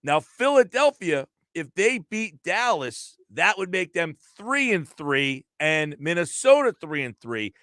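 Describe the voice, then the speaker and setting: Male radio host, higher-pitched and animated, dry close sound, thinks aloud. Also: unhurried, hardly any pauses, no room sound. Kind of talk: live sports talk radio.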